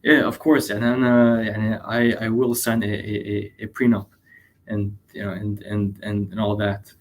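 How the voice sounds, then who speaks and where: A man's voice: on the low side, flat delivery, measured pace. A man in his twenties from Lebanon calling in with a question, hesitating and repeating words often, with Arabic fillers mixed in. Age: 20s. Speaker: caller. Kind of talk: call-in question.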